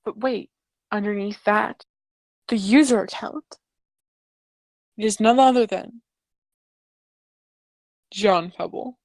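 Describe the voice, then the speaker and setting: Slow, sardonic woman narrator. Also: mid-range voice, dry recording. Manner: sardonic asides. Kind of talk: comedic reading of chat logs.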